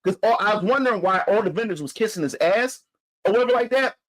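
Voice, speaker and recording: High-pitched philly dude ranting, cussing, repeating himself a lot. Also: male voice, quick pace, a bit bright, rough recording. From Philadelphia. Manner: heated, profane, repeats himself. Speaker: vlogger. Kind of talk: casual storytelling rant.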